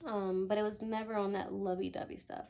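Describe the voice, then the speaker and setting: A woman's voice: mid-range voice, little pitch movement, a little fast, gravelly, darkish tone. A young adult woman vlogging casually, telling a story in a chatty, filler-heavy way and acting out what people said. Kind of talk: casual vlog rant.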